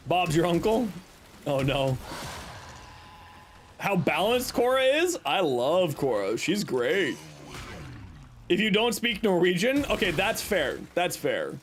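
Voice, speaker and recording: Young male streamer, bouncy and high-pitched, loose joking chat at the mic, faint room hum. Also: slow pace, pauses often. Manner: playful, teasing, joking deadpan bits. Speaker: game streamer chatting with viewers. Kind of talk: casual live-stream chat.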